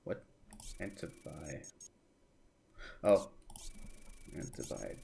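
Gravelly slow-talking man muttering at a game. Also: a bass voice, very animated, mellow. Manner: thinks aloud, muttering and exclaiming in frustration. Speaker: streamer. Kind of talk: live gameplay commentary.

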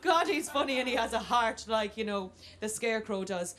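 A woman's voice: on the high side, animated, normal speed, fairly bright tone. A young Irish woman hosting a live stand-up comedy night, chatty and self-mocking, breaking into squealed exclamations. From Ireland. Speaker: comedy host. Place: live comedy venue with audience. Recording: live stage recording with audience noise.

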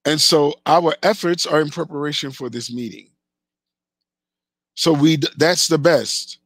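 A man's voice: on the high side, steady tone, a little slow, a bit bright, breathy edge, dry recording. A man giving an emphatic religious lecture, repeating phrases for stress and reciting Arabic verses between his English. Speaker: Islamic teacher.

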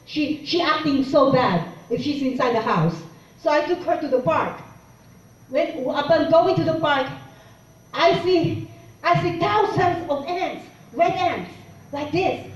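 A woman's voice: high-pitched, animated, measured pace. A woman minister preaching a sermon, sharing a testimony, leading the congregation in call-and-response and often repeating herself. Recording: distant echoey church hall, dull sound.

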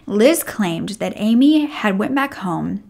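A woman telling a true crime story from a script. She keeps a measured, somber pace, laying out the facts of the case in an even, middle-pitched voice. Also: gravelly.

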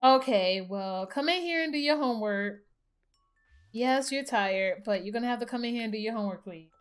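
A woman giving casual let's-play commentary, chatty and excitable, talking to her game characters as she plays. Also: on the high side, moderate pace. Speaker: gaming channel host.

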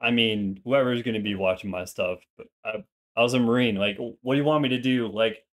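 A man's voice: mid-range voice, fairly quick. A young man with a slight Minnesotan accent rambles through casual, profane banter. He is a streamer and former Marine talking with a friend while gaming, in a loose, joking way. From Minnesota, USA.

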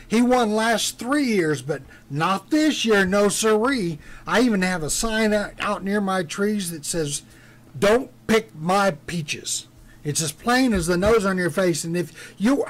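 A man's voice: high-pitched, fairly bright tone, full character voice. A man voicing a brash, greedy, self-righteous peach grower who talks in an indignant, blustering way.

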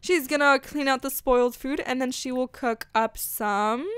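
Gushy chatty girl doing let's-play commentary, kinda high voice, dry close sound. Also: measured pace, a bit bright, smooth, no echo. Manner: bubbly, gushing, chatty with lots of "like" and "freaking". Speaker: gaming channel host.

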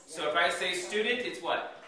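A man's voice: sits high, normal speed, crowd noise. A man teaching a class, asking students questions and checking "okay?" after each point. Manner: checks understanding with frequent "okay?". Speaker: Hebrew teacher. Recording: echoey room, from far off.

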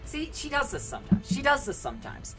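A woman's voice: high voice, a little fast, faint music behind. Young woman gamer streaming, laughs a ton, super bouncy up-and-down voice, bickering w chat. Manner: animated, laughing, bantering with chat and the AI. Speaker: game streamer. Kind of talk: live gameplay stream chat.

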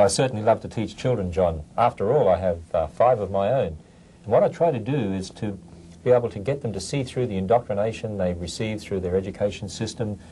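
Low, dark-voiced middle-aged male lecturer. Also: a little hiss or hum. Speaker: creation science lecturer. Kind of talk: conversational TV discussion.

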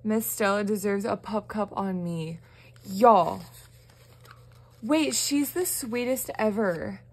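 A woman's voice: medium pitch, takes it slowly, husky. Gushing young woman vlogger. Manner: gushing, excitable, frequent gasps. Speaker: budgeting vlogger. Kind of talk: casual vlog chat to viewers.

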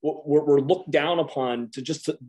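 Mellow man hosting with easy laughs. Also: a little high, moderate pace. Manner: laughing, agreeable backchannel. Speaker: host, Marine veteran. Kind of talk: casual chat.

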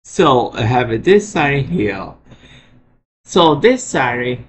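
Slow, halting man with a lively voice. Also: medium pitch, slight background noise. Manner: halting, frequent restarts and repeated words. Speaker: vlogger showing alarm sirens. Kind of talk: casual show-and-tell.

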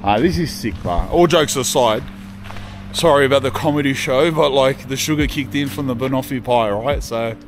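An Australian man with a medium-pitched voice vlogs casually at a normal speed as he walks around town and into shops. He jokes and swears freely throughout this travel vlog.

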